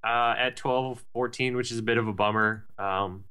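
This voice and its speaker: A man's voice: medium pitch, fairly even intonation, moderate pace, bright, forceful tone, clean tone. A man co-hosting a casual gaming podcast, giving long detailed explanations with many fillers. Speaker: podcast co-host.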